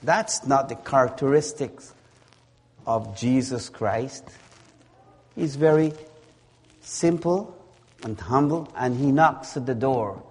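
A man preaching a sermon in a slow, deliberate way, leaning on words through repetition. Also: medium pitch, slightly rough. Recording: long hall reverb.

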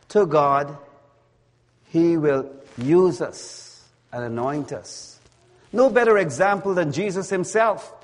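Slow, deliberate man preaching in a reverberant hall. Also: high-pitched. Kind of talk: sermon.

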